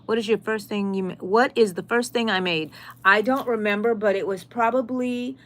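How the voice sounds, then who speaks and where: A woman's voice: medium pitch, moderate pace, fairly bright tone, a little hiss or hum. A middle-aged woman chats casually through a live stream. She talks in a friendly, rambling way and reads out viewers' comments and answers them as she goes. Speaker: crochet channel host.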